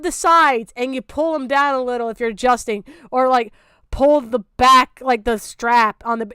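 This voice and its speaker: A young woman streaming her reaction, talking in a high, bright voice with blunt, profane exasperation. Her complaints often climb into shouting disbelief. The sound is dry and close, with no room echo. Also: normal speed, clear, resonant tone. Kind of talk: casual reaction commentary.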